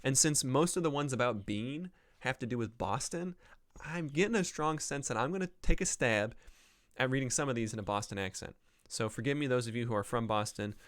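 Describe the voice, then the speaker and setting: A man chats his way through a solo podcast, wandering from thought to thought with plenty of ums and likes. His voice sits at an ordinary pitch and sounds smooth and clear. The recording is dry and close. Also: brisk, no echo. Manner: rambling, with many ums and likes. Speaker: podcast host. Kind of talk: casual solo podcast chat.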